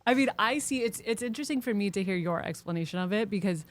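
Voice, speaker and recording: A woman hosting a podcast, telling a personal story in a heartfelt, animated way during a casual conversation. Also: mid-range voice, quick pace. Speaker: podcast host.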